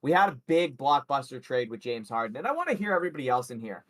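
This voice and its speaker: A man's voice: mid-range voice, very animated, fast, fairly bright tone. A man co-hosting a sports betting livestream in casual, loose chat, swearing freely and talking a lot. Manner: loose, profane and chatty.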